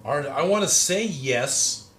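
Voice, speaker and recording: A man's voice: on the high side, lively intonation, slow, a bit bright, a little hiss or hum. A man hosting a casual maker livestream from his workshop, chatting and reading out viewer comments.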